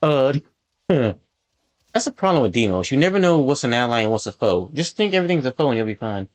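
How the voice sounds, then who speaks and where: A man chatting casually while he plays, his voice sitting at an ordinary middle pitch. He rambles, fills gaps with ums and likes, and gets louder and more animated whenever something annoys him. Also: brisk. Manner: rambling, filler-heavy, animated when annoyed. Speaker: gaming channel host. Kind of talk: casual gameplay commentary.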